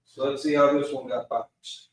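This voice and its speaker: A man's voice: mid-range voice, flat delivery, normal speed. A man teaching an online Bible class, casual and easygoing, using slang as he walks learners through Hebrew words. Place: Milwaukee, Wisconsin. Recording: echoey room, voice from far off the mic.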